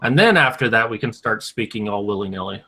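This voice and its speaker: Bright-voiced man running a card game. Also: lowish voice, animated, quick pace. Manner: explains rules, moderates players. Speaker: game host. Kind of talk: casual game-stream chat.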